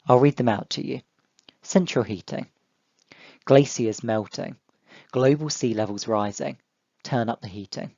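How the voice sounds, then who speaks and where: Young male teacher, dry close mic, mid pitch, clear and encouraging with children. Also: a little mellow, no echo, dull audio. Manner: clear, encouraging, speaks to pupils directly. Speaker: primary school teacher. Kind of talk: online lesson for children.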